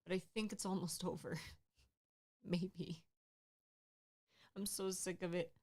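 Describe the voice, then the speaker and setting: A woman chatting on a livestream in a slightly low voice. She talks candidly and easily, with light laughs slipping into her sentences. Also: steady tone, takes it slowly, darkish tone. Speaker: livestream co-host. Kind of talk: casual chat on a livestream.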